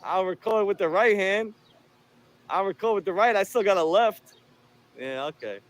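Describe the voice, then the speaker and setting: Combative male vlogger, phone in hand outdoors, slightly higher pitch, taunting and profane. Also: lively intonation, normal speed. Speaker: video host filming encounters. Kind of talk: confrontational street filming. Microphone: handheld phone.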